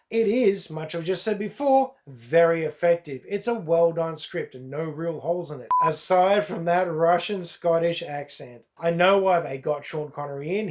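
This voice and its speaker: Chatty high-voiced male film reviewer. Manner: chatty, emphatic, repeats words for stress. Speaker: movie reviewer. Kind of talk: casual solo film review to camera.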